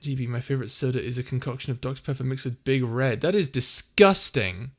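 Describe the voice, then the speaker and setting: Brief: young male streamer, playful casual chat, frequent laughs, mid-pitched voice. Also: flat delivery, fast talker, a little mellow. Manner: chatty and playful, laughs often. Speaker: streamer and audio creator. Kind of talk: casual live-stream chat, reading viewer comments.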